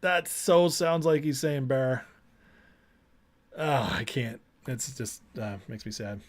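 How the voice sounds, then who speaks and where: A man hosting a casual live stream, talking at an ordinary middle pitch. He rambles and circles back, repeating phrases as he chats straight to his viewers. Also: takes it slowly. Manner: rambling, restarts, repeats himself, chatty with viewers. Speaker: political livestream host. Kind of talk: casual live-stream commentary and closing prayer.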